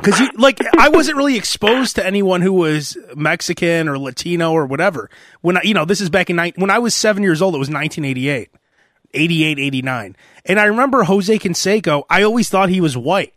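A man in his thirties hosting a podcast, telling rambling, animated stories and laughing as he goes. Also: high voice, fairly quick, no echo, clean studio sound. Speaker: podcast host. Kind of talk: casual podcast chat.

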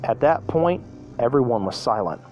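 A man's voice: mid-range voice, animated, normal speed, darkish tone, dull audio, faint music behind. A man reading a fan story aloud in a plain voice, sometimes stumbling and restarting.

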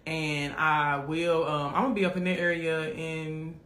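A man hosts a live faith podcast in a loose, chatty way, often calling the audience "friend". His voice sits on the high side. The sound carries a noticeable room echo. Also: level tone, measured pace, a bit bright. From Memphis, USA. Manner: casual, keeps calling listeners "friend". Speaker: podcast host.

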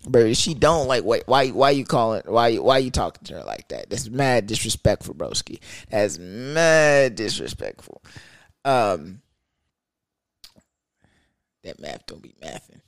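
A young man telling a casual story in an animated, profane, rambling way. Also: fairly low pitch, fairly quick, gravelly, hardly any pauses, no room sound, clean studio sound.

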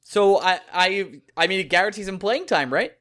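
A young adult man hosting a casual sports podcast, joking and bursting into loud excited outbursts. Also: high voice, moderate pace. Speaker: podcast host.

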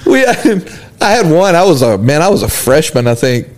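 A man's voice: fairly high pitch, big pitch swings, normal speed. A young man co-hosting a casual podcast, telling stories with lots of laughter and acted-out quotes. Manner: laughs often, acts out quotes animatedly. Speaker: podcast co-host. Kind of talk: casual chat.

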